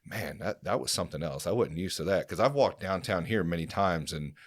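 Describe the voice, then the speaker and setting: A man with a lowish voice hosts a casual podcast chat. He tells stories in an animated way, acts out what other people said and swears freely. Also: a little fast. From Kansas City area. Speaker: podcast host.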